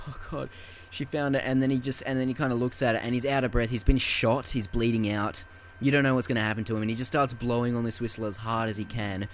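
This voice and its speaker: A man's voice: on the low side, slight background noise. A man co-hosting a casual film podcast, who swears freely and acts out movie scenes with quoted lines. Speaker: podcast co-host.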